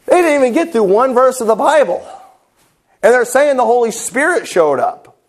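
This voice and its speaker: A fairly high-pitched man, preaching to his congregation in a church. He talks in a loose, conversational way and slips into wry, mocking asides. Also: lively intonation, moderate pace. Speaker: pastor. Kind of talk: sermon. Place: church sanctuary.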